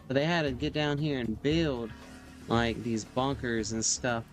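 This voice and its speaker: A man's voice: mid-range voice, steady tone, a little slow, faint music behind. A man hosting a livestream, rambling casually as he draws, full of fillers and sound effects. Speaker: livestream host drawing on stream. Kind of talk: casual storytelling while drawing.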